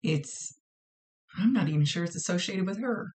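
A woman's voice: fairly low pitch, animated, normal speed, a little mellow. A woman working as a psychic medium who gives a casual reading, relaying messages and direct advice and often repeating her phrases.

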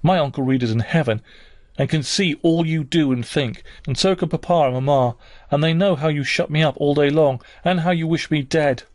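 A man's voice: fairly high pitch, moderate pace, darkish tone, dry recording, studio quality, voice pushed up, close to an everyday voice. A man voicing a defiant young orphan girl in an audiobook, speaking out boldly. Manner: outspoken, defiant.

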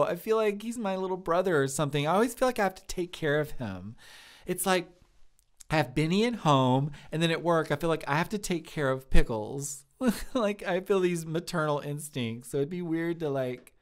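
A man's voice: fairly high pitch, clean tone. Man doing a chatty young waitress, giggly and rambling, voice bouncing up and down a lot. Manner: rambling, giggly, lots of "like" fillers. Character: chatty young woman restaurant lead server, bubbly. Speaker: live-stream comedy host in character. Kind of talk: improvised character comedy.

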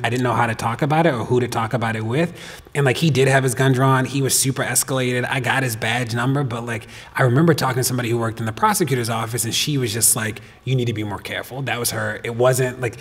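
A man telling a personal story to a host on stage, animated, laughing often and talking with lots of fillers. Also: medium pitch. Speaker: podcast guest. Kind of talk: storytelling in a live talk. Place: stage of a performance venue. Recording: long reverb of a hall.

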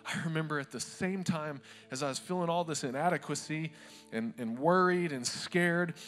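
A man's voice: medium pitch, a bit bright. A male pastor preaching a sermon to a live church congregation, telling stories in a conversational, humorous way.

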